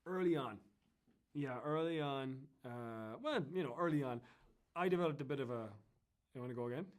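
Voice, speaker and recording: An Irish man telling anecdotes as an interview guest, in a chatty, animated way that often breaks into laughter. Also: medium pitch, moderate pace. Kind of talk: casual storytelling.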